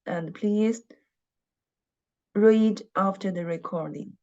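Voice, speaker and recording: Woman teacher talking real slow and patient, dull lo-fi sound. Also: mid-range voice, a little mellow. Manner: slow, patient, repeats words for students to echo. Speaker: Chinese language teacher. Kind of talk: online class lesson.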